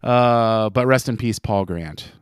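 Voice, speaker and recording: A man's voice: fairly low pitch, slow pace, smooth, dry recording, clean studio sound. A man co-hosting a podcast in casual chat, joking, laughing often and swearing freely. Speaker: podcast co-host.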